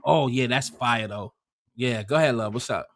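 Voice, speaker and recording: A man's voice: mid-range voice, normal speed, a bit bright. A man hosting a livestream, rambling and joking in crude, profane casual banter. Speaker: livestream host.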